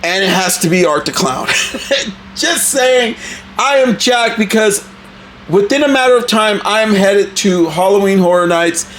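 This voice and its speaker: A man hosting an excited toy unboxing review, talking in a hyped, animated, casual way with some cussing. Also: sits high, measured pace, slight background noise.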